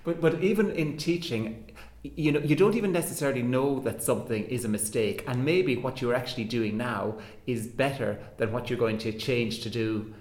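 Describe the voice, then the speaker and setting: A man asks interview questions in a hesitant way, pausing and restarting as he rephrases his thoughts. His voice sits at a middle pitch and carries a roomy echo. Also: a little mellow.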